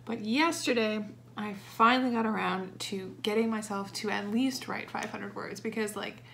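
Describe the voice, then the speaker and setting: A woman's voice: medium pitch, moderate pace, creaky, fairly bright tone, a little hiss or hum. A young woman talking casually in a writing vlog, rambling with lots of fillers. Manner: chatty, rambling with many fillers. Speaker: vlogger.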